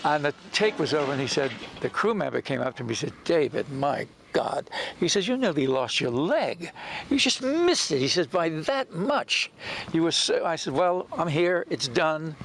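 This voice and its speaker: A man's voice: fairly high pitch, expressive, moderate pace, gravelly, a bit bright, slight background noise. An older man reminiscing in an interview about acting in a film, telling stories animatedly and acting out quoted lines. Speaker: actor recalling a film role.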